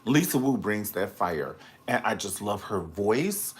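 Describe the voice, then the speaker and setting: A man hosting a casual live-stream review, dishing gossip with sass and drama. His pitch swoops up and down as he talks, and he keeps breaking off to greet viewers in the chat. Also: very animated, measured pace. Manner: sassy, dramatic and gossipy, full of slang asides; chats with viewers in the live comments.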